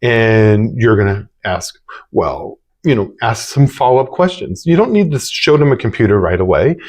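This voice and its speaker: A man's voice: fairly low pitch, normal speed. A man who runs a business, talking casually and conversationally about sales techniques and now and then acting out cheerful phone greetings. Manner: relaxed, conversational, demonstrates upbeat phone greetings. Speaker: business owner teaching sales. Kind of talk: casual instructional talk.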